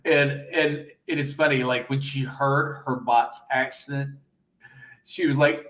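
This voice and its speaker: An enthusiastic man speaks as an interview guest, telling stories with energy. His pitch is middling. The room gives a noticeable echo. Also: fairly even intonation, measured pace, fairly bright tone. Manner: enthusiastic, storytelling. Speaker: guest, AI business owner. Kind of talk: casual interview.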